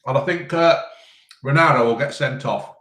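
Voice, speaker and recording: A man's voice: medium pitch, normal speed, pushed and bright. Chatty man, roomy sound. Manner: chatty, rambling, lots of ums. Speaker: live-stream host answering chat. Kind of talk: casual live chat while eating. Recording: roomy echo.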